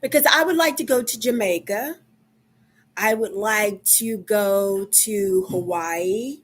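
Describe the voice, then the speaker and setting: Slow-talking Texan woman in her fifties. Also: medium pitch. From Dallas, Texas. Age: 50s. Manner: slow, chatty, many ums. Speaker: live-stream host. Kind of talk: casual live-stream chat.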